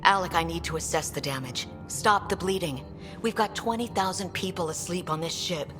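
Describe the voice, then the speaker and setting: Lady doing a tense ship captain, firm and urgent, a bit low. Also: normal speed, a bit bright, soft background music, natural voice.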